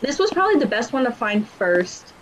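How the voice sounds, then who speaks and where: A young woman calmly chatting and giving hints while a friend plays a horror game. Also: fairly high pitch, brisk, a crowd in the background, rough recording. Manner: calm, teasing, gives hints. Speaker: gamer watching a friend play. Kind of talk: casual gaming chat.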